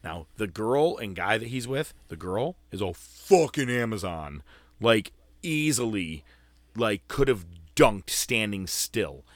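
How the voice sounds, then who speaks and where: A man hosting a wrestling podcast, telling a profane, animated story and acting out what people said. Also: fairly low pitch, slow, no room sound. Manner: profane, animated, acts out quotes. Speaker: podcast host. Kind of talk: casual storytelling chat.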